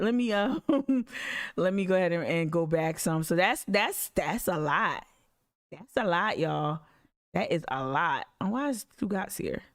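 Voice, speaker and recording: A woman's voice: mid-range voice, fairly bright tone. A woman hosting a live stream, reacting animatedly and talking straight to her viewers. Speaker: livestream host. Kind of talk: casual livestream commentary.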